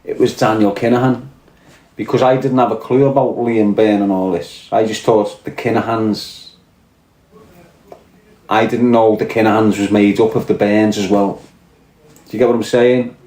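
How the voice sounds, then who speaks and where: Scouse guy chatting on a live stream, rambly, reads viewer comments, dark voice. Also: on the low side, steady tone, moderate pace, pauses often. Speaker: podcast host. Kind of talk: casual live-stream chat. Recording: echoey room.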